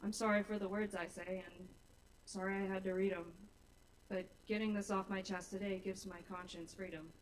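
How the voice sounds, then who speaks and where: A woman's voice: mid-range voice, level tone, moderate pace. A young woman on a small bar stage reads her rhymed spoken-word poems with nervous sincerity. She stands a bit back from the stage mic, so her voice sounds slightly distant. A faint hiss of room noise sits under the live recording. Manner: nervous, earnest rhyming delivery. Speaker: open mic poet. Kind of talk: spoken-word poetry performance.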